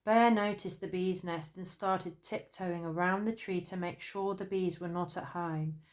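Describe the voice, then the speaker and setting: A woman narrating a children's storybook in an expressive storytelling manner. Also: fairly low pitch, unhurried.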